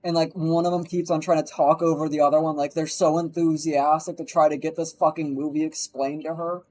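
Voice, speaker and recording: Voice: medium pitch, level tone, fairly quick, a little mellow, poor audio. A streamer telling a story in a casual live stream, swearing freely, rambling and acting out the people being quoted.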